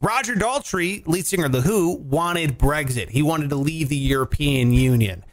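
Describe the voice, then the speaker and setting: A man with a high voice rants on a casual talk podcast, swearing freely and getting more worked up as he goes. His delivery is loose and conversational, into a studio mic. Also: moderate pace. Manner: profane, animated ranting.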